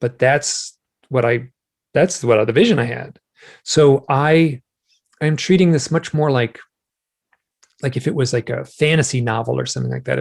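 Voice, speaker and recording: Gravelly man telling an animated story. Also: medium pitch. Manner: animated retelling, acting out his own angry shouts. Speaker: guest author. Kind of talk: telling a personal story in a conversation.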